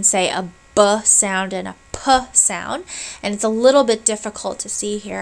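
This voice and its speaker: A woman's voice: mid-range voice, vocal fry, rough recording. Lady teaching a recorded class, explains step by step, keeps asking right? okay?. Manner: demonstrates baby sounds aloud. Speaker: lecturer. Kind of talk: recorded college lecture.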